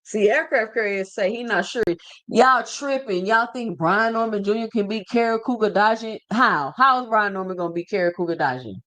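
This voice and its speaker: A man's voice: sits high, moderate pace, pushed and bright. A man hosting a boxing livestream, talking casually and slangily straight to his chat and reading out viewer comments.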